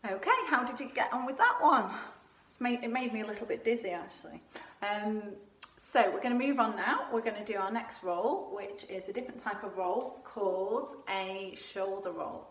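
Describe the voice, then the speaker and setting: A woman's voice: medium pitch, normal speed, a bit bright. Woman gymnastics coach, encouraging kids' lesson, roomy echo, voice off-mic. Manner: encouraging, demonstrates moves while talking. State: slightly out of breath at times. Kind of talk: home exercise lesson for children. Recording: echoey room, voice from a distance.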